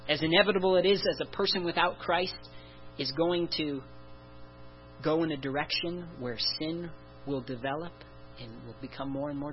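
A man preaching a sermon in an earnest way, asking the listeners question after question and sighing "oh" often. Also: fairly high pitch. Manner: earnest, repeats rhetorical questions, sighs "oh". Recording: dull lo-fi recording with faint mains hum.

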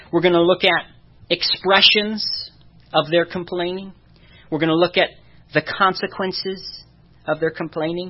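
A preacher giving a conversational sermon, chuckling softly now and then. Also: mid-range voice, slightly rough. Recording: dull lo-fi recording.

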